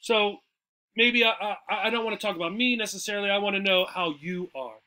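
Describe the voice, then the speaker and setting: A man's voice: high voice, brisk, sharp tone. A man teaching English, walking through a textbook dialogue in a chatty way and often checking in with "right?" and "okay?".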